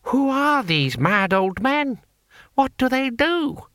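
A man voicing an excitable male imperial tax official who speaks high and slow. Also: no echo, studio quality. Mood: aghast.

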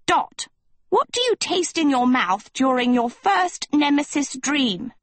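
A woman's voice: animated, takes it slowly, dry recording. A woman voicing a cruel witch teacher who shrieks contemptuous insults at her class. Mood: scornful. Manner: sneering, shrill, contemptuous. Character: cruel shrill female witch teacher, furious.

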